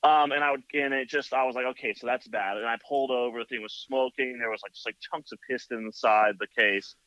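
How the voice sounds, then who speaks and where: A motorcycle builder telling a long story in casual chat, full of "like" and "you know.". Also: male voice, medium pitch, fairly even intonation, fast, sharp tone, no room sound. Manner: rambling, filler-heavy with many "like" and "you know". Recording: dull lo-fi, dry sound.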